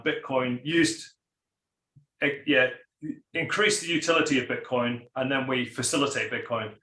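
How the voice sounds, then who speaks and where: A man's voice: medium pitch, sharp tone, reverberant, rough recording. A man in a casual group chat, talking enthusiastically in a rambling way, with many restarts and fillers.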